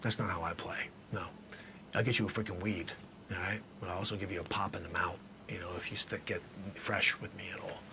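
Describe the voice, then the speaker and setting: A man's voice: sits low, steady tone, a little fast, background noise, voice pushed down, close to an everyday voice. A man voicing a tough, middle-aged male drug dealer in an improvised comedy sketch, cocky and muttering threats. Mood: menacing. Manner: cocky, menacing, drops to mutters.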